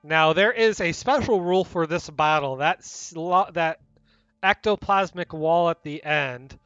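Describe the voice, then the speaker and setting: A man's voice: fairly high pitch, unhurried, fairly bright tone, smooth, no echo, dull audio. A man running a tabletop fantasy game as game master, describing scenes and explaining rules in an upbeat way.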